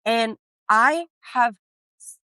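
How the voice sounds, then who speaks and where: Podcast co-host, woman, bright higher voice, swears freely, animated storyteller, dry close mic. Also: very slow, dry recording. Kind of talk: casual chat.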